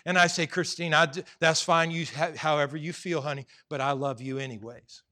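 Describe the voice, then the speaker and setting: Male pastor, bright slightly high voice, chatty joking sermon delivery. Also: fairly even intonation, brisk. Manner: conversational preaching with humor and acted asides.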